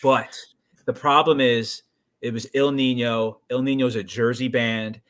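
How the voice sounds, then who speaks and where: A man co-hosts a casual web talk show, his voice at an average pitch. He sounds eager and chatty, jumping in with his own stories. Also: steady tone, unhurried, a bit bright. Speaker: co-host.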